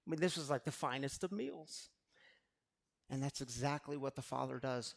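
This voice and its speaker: A man preaching a recovery sermon, swinging between hushed, intimate talk and loud, passionate preaching, with casual phrasing like "y'all". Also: medium pitch, moderate pace, vocal fry. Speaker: recovery community speaker.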